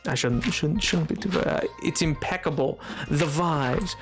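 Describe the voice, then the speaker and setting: A rambling, giggly male game streamer chats loosely with his viewers and fills his talk with fillers. His voice sits a little high, with faint music underneath. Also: a little slow. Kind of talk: casual live-stream chat.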